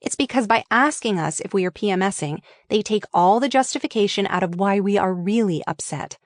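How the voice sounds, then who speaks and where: A woman's voice: mid-range voice, animated, fairly quick, no room sound, studio quality. A woman reading her own memoir aloud in a frank, wry and openly profane manner. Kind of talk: audiobook memoir narration.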